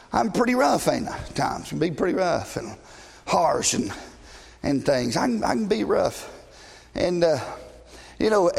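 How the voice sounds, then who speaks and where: A middle-aged man preaching a sermon as pastor, blunt and passionate, shouting at times and joking with the congregation. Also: a little high, gravelly. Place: church sanctuary. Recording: long reverb of a large church hall.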